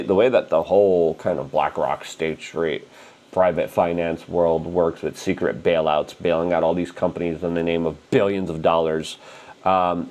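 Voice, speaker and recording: A man hosting a political commentary show, animated and indignant, talking with strong emphasis. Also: sits low. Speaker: host.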